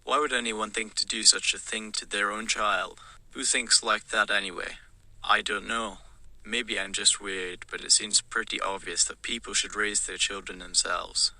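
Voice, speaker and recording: A man reads a text game aloud on a live stream in a low, gravelly voice. His delivery stays flat and even, with a bright, hard edge. The sound is dry and close. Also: normal speed, no echo, low-quality recording. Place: home streaming setup.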